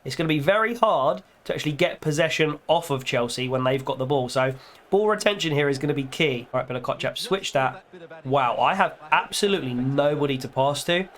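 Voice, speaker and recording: A man's voice: fairly high pitch, fairly quick. A young man giving casual, jokey commentary over a football video game, his voice a little strained. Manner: chatty, jokey, excitable play-by-play. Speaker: gaming YouTuber.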